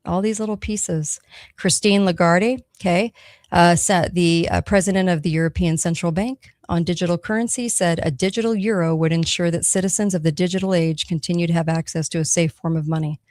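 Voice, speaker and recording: Woman radio host talking it through, low voice, pushy and chatty, dry close mic. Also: steady tone, fairly quick, a little mellow, no echo. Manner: emphatic, conversational, checks in with listeners. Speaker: radio talk show host. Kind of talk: solo talk radio monologue.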